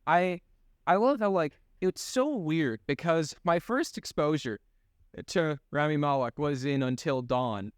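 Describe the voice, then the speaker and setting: Young male co-host, lively, slightly raised pitch, rambling and halting delivery, swears casually. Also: clean tone, no echo, clean studio sound. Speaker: podcast co-host. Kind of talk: casual chat.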